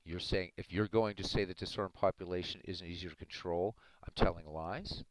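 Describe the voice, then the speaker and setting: A man's voice: low-pitched, steady tone, normal speed, no room sound, low-quality recording. A man who says he is Irish, streaming live and arguing back at his chat in a casual, combative way. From Ireland. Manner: argumentative, talking back to chat.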